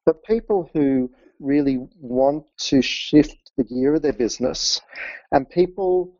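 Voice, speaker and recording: A man's voice: a little high, slow pace, a little mellow, dry recording, muffled recording. A middle-aged man, a business mentor and podcast guest, who speaks earnestly, laughs often and gets openly emotional. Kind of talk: conversational interview.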